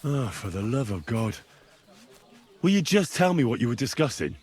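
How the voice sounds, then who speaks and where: An actor playing a weary young squire in a video game, dry and exasperated. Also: male voice, medium pitch, big pitch swings, normal speed, darkish tone, husky.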